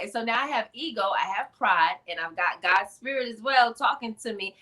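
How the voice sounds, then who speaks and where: A woman guest on a podcast, an author and speaker, telling her life story in an emphatic, animated, conversational way with slang asides. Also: fairly high pitch, a little fast, hardly any pauses. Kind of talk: personal storytelling in a podcast interview.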